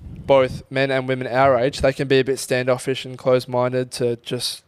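A man's voice: mid-range voice, completely flat delivery, normal speed, smooth, no echo. A young man co-hosting a podcast in casual, rambling chat. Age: young adult. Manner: chatty, rambling, uses bloke and mate. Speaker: podcast co-host.

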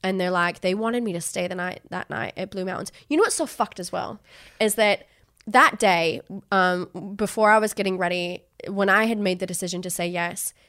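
A woman's voice: medium pitch, steady tone, normal speed, a bit bright. Emotional young woman telling a raw story. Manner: emotional, swears freely, acts out quoted voices. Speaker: podcast guest. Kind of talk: candid conversational storytelling.

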